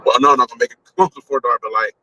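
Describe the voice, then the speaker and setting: A man's voice: mid-range voice, steady tone, racing, bright, forceful tone, poor audio. A man chatting loosely on a live stream while driving, rambling and swearing casually as he thinks aloud. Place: in a car on a highway.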